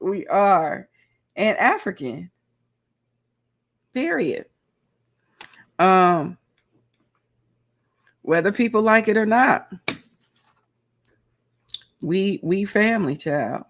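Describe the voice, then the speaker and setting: A woman talks casually on a live stream, reading out viewers' comments. She is animated and laughs often, calling people honey and child. Her voice sits at a middle pitch. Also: extremely slow, pauses often.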